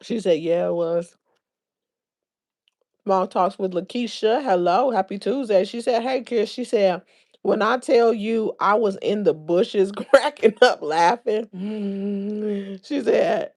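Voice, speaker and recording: Slow, easygoing woman hosting a livestream. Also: medium pitch, a little mellow. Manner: chatty, laughs often, drawn-out delivery. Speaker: livestream host. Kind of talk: casual chat, reading live comments aloud.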